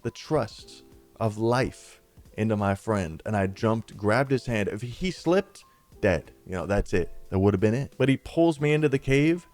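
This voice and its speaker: A man narrating a personal story in a casual, chatty way, full of "dude" and "listen", with lively rises and drops as he retells it. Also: on the low side, measured pace, soft background music. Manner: laid-back and chatty, peppered with 'dude' and 'listen'. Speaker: storytime YouTuber.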